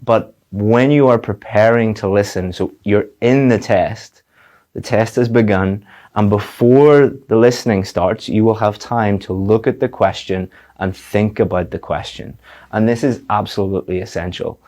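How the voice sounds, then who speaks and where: Low-voiced man teaching a video lesson. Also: a little slow, darkish tone. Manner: direct, repeats words for emphasis. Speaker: IELTS teacher.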